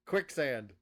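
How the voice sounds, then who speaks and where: A man hosting an interview, firing off quick questions and laughing often. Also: mid-range voice. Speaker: interview host. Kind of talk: casual interview chat.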